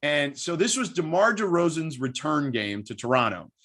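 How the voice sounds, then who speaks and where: Male sports broadcaster guest with a fairly high voice; quick, animated anecdote telling. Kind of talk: casual storytelling interview.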